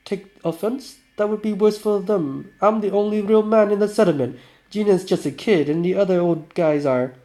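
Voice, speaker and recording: A man's voice: high voice, moderate pace, dark tone, voice pushed up. A man voicing a drunk, boastful village man who jeers and talks big, reading game dialogue aloud. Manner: brash, jeering, raised voice.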